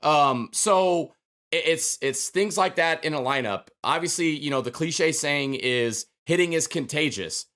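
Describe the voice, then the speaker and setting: A man's voice: on the high side, a little slow, a bit bright. A man hosting a casual sports podcast, talking through his thoughts in a conversational way. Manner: conversational, thinking aloud with fillers. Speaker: podcast host.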